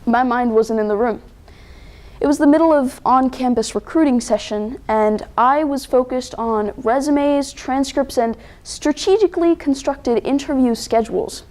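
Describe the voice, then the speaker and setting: A teenage girl performs a dramatic interpretation piece as a student competitor. She narrates with deliberate pauses and careful emphasis. Her voice sits fairly high. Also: darkish tone. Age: teens.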